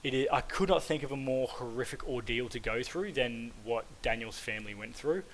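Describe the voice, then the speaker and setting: A man's voice: medium pitch, a little fast, slight background noise, low-quality recording. An Australian man from Queensland in his twenties, giving a casual spoken film review with many "um"s and "like"s and plenty of swearing. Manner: casual, frequent "um" and "like", swears freely.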